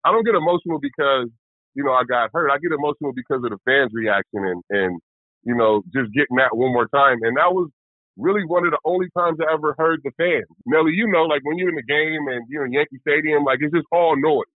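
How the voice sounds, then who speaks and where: A man's voice: fairly high pitch, a little fast, no echo. Man in his forties on a tinny line. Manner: relaxed, candid, rambling with fillers. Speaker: retired pitcher, guest. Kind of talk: casual interview.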